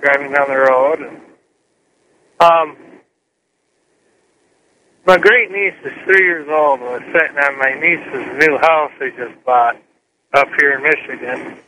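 A man's voice: fairly high pitch, pushed and bright, a little hiss or hum, low-quality recording. A middle-aged man calling a radio show, telling a story in a friendly way and acting out the quoted voices. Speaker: radio caller.

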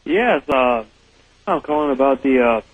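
A man's voice: medium pitch, animated, unhurried. A man calling in to a radio show, earnest and a little hesitant. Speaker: caller. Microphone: telephone. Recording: tinny phone line.

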